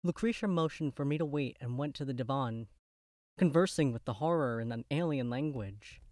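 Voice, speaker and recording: A man gives measured, literary first-person narration of a gothic horror tale. His voice sits at a middling pitch. The recording is close and dry. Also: animated, a little mellow, no echo.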